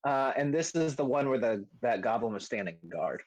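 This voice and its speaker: A man's voice: medium pitch, expressive, moderate pace, darkish tone, a little hiss or hum, poor audio. A man narrating as game master of a tabletop game, casual and hesitant with frequent fillers. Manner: casual, hesitant with many ums.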